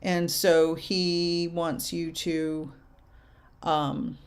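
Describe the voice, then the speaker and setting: A young adult woman medium giving spirit messages to viewers in a casual live chat, halting and soft-spoken. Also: low voice, steady tone, smooth. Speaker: medium answering viewer questions.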